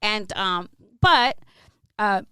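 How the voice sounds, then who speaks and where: A woman radio host telling candid stories in a casual interview, animated and quick to laugh, swearing freely. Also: medium pitch, clean tone, dry recording, clean studio sound.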